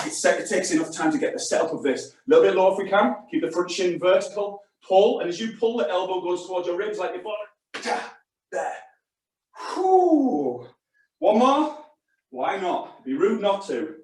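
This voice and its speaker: Heard on a distant mic in a very echoey room, a male instructor runs a live fitness class. His high voice is fairly quick and a little mellow, and he's chatty and encouraging while calling short cues.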